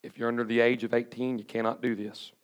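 A man's voice: medium pitch, flat delivery, fast talker. A pastor preaching a sermon to his congregation in a church, folksy and plain-spoken, calling for responses from the pews. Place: church sanctuary before a congregation.

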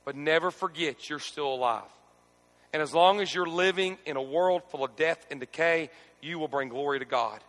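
A man preaching a sermon as pastor, swinging between shouting and near-hushed speech. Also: fairly high pitch, moderate pace, long reverb tail.

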